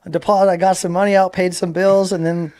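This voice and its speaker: A man in his forties from Southern California tells a story as an interview guest, in a voice pitched a little higher than most men's. He is animated and loose, fills his talk with likes and you-knows, and acts out what other people said along the way. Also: quick pace.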